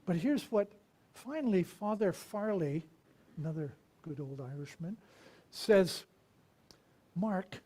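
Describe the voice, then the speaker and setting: Man preaching with soft whispered asides. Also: sits high, lively intonation, takes it slowly, pauses often. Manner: storytelling, dramatic swings from loud to whispered. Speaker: minister. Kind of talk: sermon.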